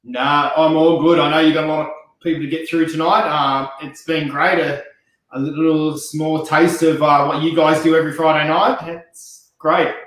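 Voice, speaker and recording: A man speaking as a guest on a casual chat show, giving relaxed, brief replies. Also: a little high, moderate pace, very echoey, poor audio.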